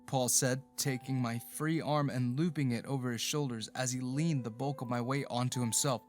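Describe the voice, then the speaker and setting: A man giving a scripted first-person narration of a romance story, steady and even. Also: medium pitch, normal speed, hardly any pauses, soft background music.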